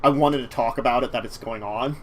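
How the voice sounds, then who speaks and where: A male talk show host with a mid-range voice chats casually about tabletop games at a brisk clip. He rambles, filling his speech with fillers and restarts. There's a faint hiss or hum on the recording.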